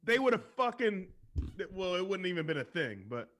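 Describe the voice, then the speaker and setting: A man with a fairly high voice co-hosts a loose talk show. He talks bluntly and swears, and stumbles through his points with fillers. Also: big pitch swings, moderate pace, fairly bright tone. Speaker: podcast co-host. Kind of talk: casual chat.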